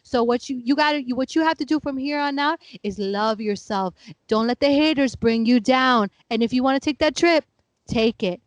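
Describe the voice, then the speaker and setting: Brief: woman, 30s, podcast co-host, lively storyteller, fairly high voice, dry close sound. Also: normal speed, dry recording. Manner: animated storyteller, acts out family members; laughing, chatty. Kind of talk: casual chat.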